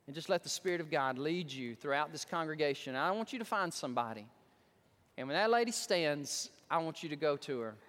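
A man preaching a sermon as pastor, telling a story with animated asides and acting out the voices he quotes. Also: fairly high pitch, fairly quick. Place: church sanctuary. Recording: long church hall reverb.

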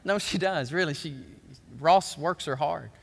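A man's voice: measured pace, vocal fry, a little hiss or hum. A middle-aged man preaching a sermon as pastor, telling folksy stories with big swings in his voice. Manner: animated, folksy storytelling with big swings up in pitch. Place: large church hall. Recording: long hall reverb.

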